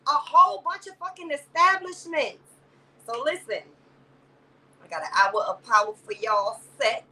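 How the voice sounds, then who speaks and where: A woman's voice: high voice, unhurried, bright, forceful tone, recorded from a distance, poor audio. A woman hosting a casual live-stream commentary, rambling and profane, greeting chat viewers by name and padding her talk with "or whatever". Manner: greets chat viewers by name, calls them baby and sister. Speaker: livestream commentary host.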